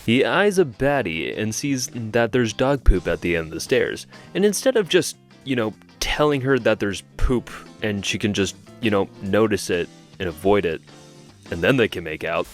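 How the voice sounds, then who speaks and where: A man's voice: on the low side, big pitch swings, normal speed, faint music behind. A man in his twenties hosting an animation channel, giving joking, self-deprecating comedic commentary.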